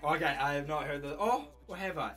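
A man from New Zealand with a New Zealand accent, reacting excitedly to an album while fighting a cold and coughing, gushing and laughing often. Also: on the high side, brisk. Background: music playing faintly.

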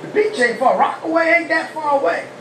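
A rabbi gives a lively call-and-response sermon, asking the congregation questions and shouting praise. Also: male voice, very high-pitched, a little fast, slight background noise. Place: humid, warm house of worship. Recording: echoey hall, mic far off.

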